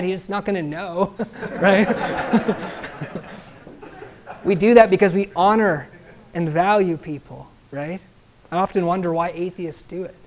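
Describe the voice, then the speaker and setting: Emphatic man preaching a sermon. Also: high voice. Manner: emphatic, explaining, with frequent "right?" checks. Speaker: pastor. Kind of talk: expository sermon.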